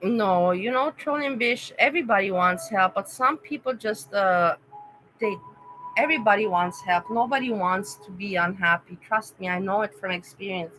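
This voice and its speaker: A woman's voice: medium pitch, moderate pace, bright, forceful tone, soft background music, low-quality recording. A young woman chatting casually on a livestream, emotional and rambling as she talks to her viewers by name. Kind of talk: casual live-stream chat.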